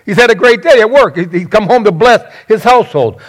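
A man preaching a sermon, conversational and animated, acting out quoted lines with sarcasm. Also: high-pitched, fairly quick. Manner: conversational with self-corrections. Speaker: pastor.

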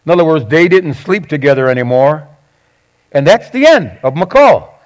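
A man preaching a sermon, conversational and animated, acting out quoted lines with sarcasm. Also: on the high side, moderate pace. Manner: conversational with self-corrections. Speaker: pastor.

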